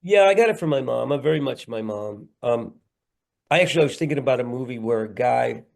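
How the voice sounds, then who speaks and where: A middle-aged man with a gravelly voice speaks as a podcast guest over a video call. He rambles, turns earnest, and tosses in playful asides. His pitch sits in a medium range. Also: expressive, fast talker. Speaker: guest comedian and actor. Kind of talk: candid podcast interview.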